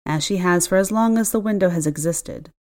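A woman's voice: lowish voice, fairly quick, a little mellow, lightly acted. A woman voicing an anxious older female housekeeper who talks in a tight, clipped way.

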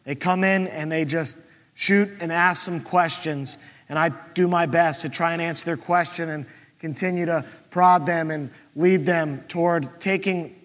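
A man's voice: a little high, a bit bright, long reverb tail. A man preaching a conversational sermon as pastor, posing questions aloud to the congregation.

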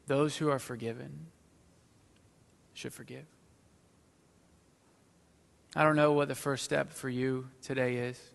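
A man preaching a sermon, reading scripture aloud and then speaking with slow, emphatic pauses that drop to a hush. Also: medium pitch, little pitch movement, gravelly, smooth. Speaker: pastor. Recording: long hall reverb.

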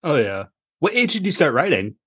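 A man's voice: a little high, very animated, brisk, fairly bright tone, husky. A man hosting a podcast, asking questions in a chatty, easygoing way and often laughing along. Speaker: podcast host. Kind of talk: casual podcast interview.

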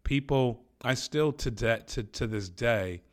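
A man's voice: mid-range voice, slow pace. A man interviewing a guest in an easygoing, enthusiastic way, full of praise. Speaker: interviewer, sales trainer. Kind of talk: casual interview conversation.

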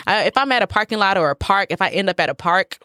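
A woman in her thirties, a professional dancer, telling a story as a guest in a casual interview. She is animated, acts out what people said and laughs often. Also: mid-range voice, fast talker, no room sound, clean studio sound.

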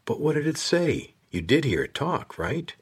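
A man's voice: fairly high pitch, very animated, normal speed, breathy edge, voice pushed up, full character voice. A man reading a storybook voices an anxious young boy who pleads and asks urgent questions. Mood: questioning.

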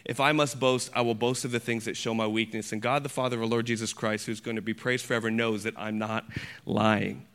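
A man's voice: fairly low pitch, level tone, a little fast, fairly bright tone, smooth, voice pushed down. A man reading aloud in the voice of an ancient male apostle, declaiming his trials in dramatic recitation. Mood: hushed.

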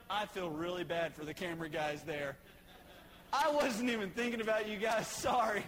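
High-voiced preacher shouting in a hall. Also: male voice, normal speed. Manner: animated, swinging from shouting to quiet asides. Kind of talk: sermon. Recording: long hall reverb, faint noise.

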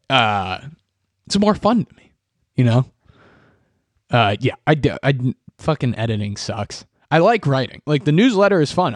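A man's voice: medium pitch, dry recording, clean studio sound. A young man hosting a solo podcast, ranting in a rambling way and swearing often. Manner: profane, rambling and ranty. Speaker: podcast host. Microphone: podcast microphone.

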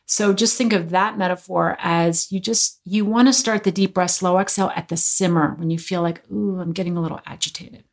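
A woman guest explains a calming breath practice in a relaxed conversational way. She sounds earnest and instructive and speaks frankly. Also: lowish voice, normal speed, hardly any pauses. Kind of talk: casual explanatory chat.

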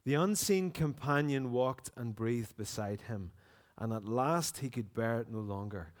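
A man with a Northern Irish accent, a pastor preaching and reading a story aloud in an earnest, expressive way. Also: medium pitch, measured pace. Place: church.

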